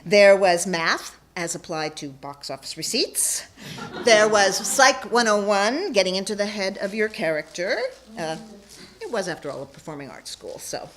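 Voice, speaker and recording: A woman's voice: mid-range voice, normal speed, a bit bright. A woman telling a personal story onstage before a live audience, playful and self-mocking.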